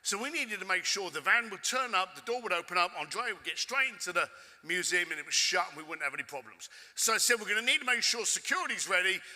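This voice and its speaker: A man with a London accent telling a cheeky, animated story to a conference audience, swearing casually. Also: sits high, fast talker. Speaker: keynote speaker. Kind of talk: storytelling keynote. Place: conference hall stage with audience. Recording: echoey hall with long reverb.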